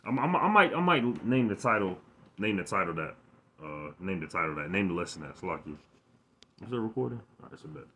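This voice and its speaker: A man giving an informal scripture lesson into a phone, halting and repeating words, reading verses aloud with more force. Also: deep voice, breathy edge. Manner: halting, repeats words, stammers when excited. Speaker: scripture teacher.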